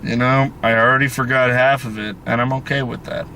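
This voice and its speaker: A man's voice: mid-range voice, little pitch movement, a little fast, bright, forceful tone, slight background noise. A man co-hosting a casual movie review chat, reacting with short exclamations and casual swearing. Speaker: review co-host.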